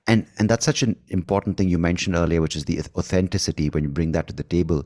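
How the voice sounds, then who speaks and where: A man with an Indian accent and a very low voice hosts a conversational interview. He speaks thoughtfully, pausing and correcting himself mid-sentence. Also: steady tone, a little mellow. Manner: thoughtful, halting, self-correcting. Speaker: podcast host.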